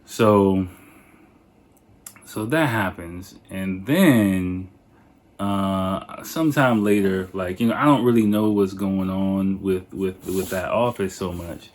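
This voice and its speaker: A man's voice: low voice, slow pace, a little mellow. A man hosting a podcast, telling a rambling story in a casual, profane, laid-back way. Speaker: podcast host.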